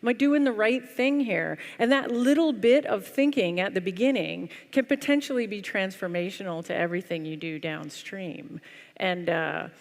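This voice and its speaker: A woman giving a humorous keynote talk on stage, telling a story in a lively, wry, self-deprecating way. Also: medium pitch, normal speed. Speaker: conference speaker. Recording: long hall reverb.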